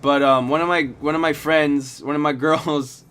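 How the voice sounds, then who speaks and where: A man's voice: a little high, fairly even intonation, moderate pace, fairly bright tone, smooth. A man telling a story casually over gameplay, rambling and swearing a lot. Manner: rambling, heavily profane. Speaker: gaming video host.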